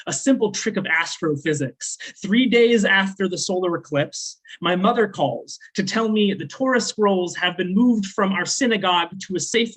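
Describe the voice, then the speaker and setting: A man raised in the American South, performing spoken word poetry at a slam with measured, deliberate delivery and casual, rambling asides between poems. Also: high-pitched, a bit bright, low-quality recording. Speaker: slam poet.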